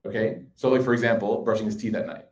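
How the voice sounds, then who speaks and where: A man's voice: on the low side, fast. Conversational man preaching in an echoey hall. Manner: conversational, animated storytelling with audience asides. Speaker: religious speaker. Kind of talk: sermon with personal anecdotes. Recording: echoey room.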